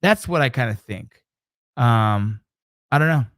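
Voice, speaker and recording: A middle-aged man hosting his show, telling a story in a casual, animated way, swearing often and acting out his own reactions. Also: medium pitch, a little slow, no echo, studio quality. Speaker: show host.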